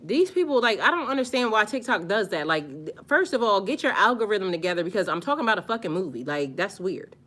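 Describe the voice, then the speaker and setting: Bright-voiced woman ranting on a live stream. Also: mid-range voice, fast talker, few pauses. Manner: animated, profane, slangy, talks straight to viewers. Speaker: spiritual vlogger live-streaming. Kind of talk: casual live-stream chat.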